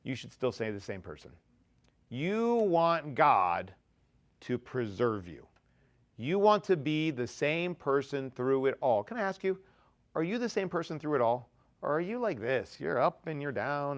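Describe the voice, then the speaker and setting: A male pastor preaching to teens in a church, his voice sitting a bit higher than most men's. He talks in a loose, joking way, punching some words loudly and dropping others to a near hush. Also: sing-song, measured pace. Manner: conversational and joking, swings between loud emphasis and quiet asides. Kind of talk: youth sermon. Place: church sanctuary.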